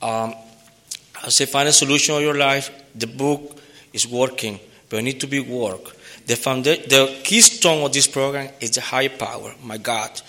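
A man giving an earnest personal testimony at a recovery meeting, halting, with repeated words and restarts. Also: medium pitch, bright, forceful tone. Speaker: member sharing his recovery story.

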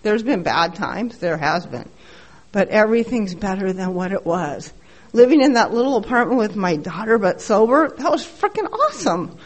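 A woman's voice: mid-range voice, big pitch swings, moderate pace. A middle-aged woman giving a candid, profane recovery share at a meeting, telling her story bluntly and with self-mockery.

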